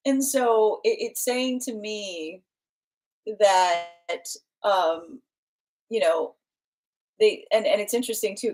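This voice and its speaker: A woman's voice: medium pitch, darkish tone. A woman giving a live tarot reading in a casual, rambling way, laughing often and restarting her sentences. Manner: giggly, rambling, frequent restarts. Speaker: tarot reader.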